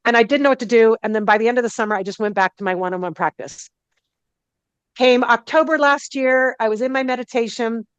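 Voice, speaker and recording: A woman, a guest energy healer, telling her story in a casual interview, animated and often acting out what people said to her. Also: on the high side, brisk, clean tone, dry recording. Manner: animated, acts out quoted dialogue, many "like" and "I go" fillers. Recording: dull, dry, muffled recording.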